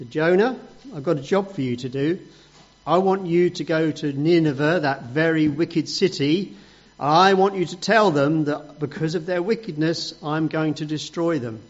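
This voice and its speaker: A man's voice: on the high side, normal speed, natural voice. A man voicing God, giving firm commands in a dull lo-fi recording. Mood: commanding.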